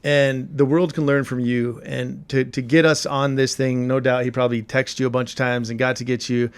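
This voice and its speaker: A man talking casually as a podcast guest, telling stories in a lively way. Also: mid-range voice, moderate pace, clean tone. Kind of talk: casual chat.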